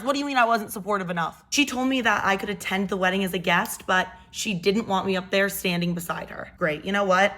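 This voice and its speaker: Young woman, casual storyteller, chatty and sassy. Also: mid-range voice. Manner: chatty, animated, sassy asides.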